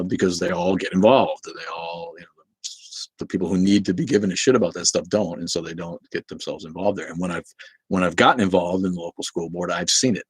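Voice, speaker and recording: A man's voice: sits low, husky, dry recording. A man from Boston hosting a casual livestream, rambling, swearing freely and answering chat comments. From Boston, New England. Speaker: livestream host.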